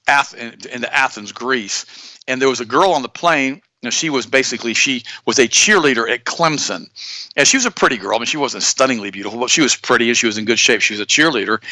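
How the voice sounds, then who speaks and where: A man hosting a talk radio show, telling stories and commenting on the news to his co-host in an animated, repetitive way. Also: medium pitch, dry recording. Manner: storytelling, animated, repeats himself; addresses co-host directly.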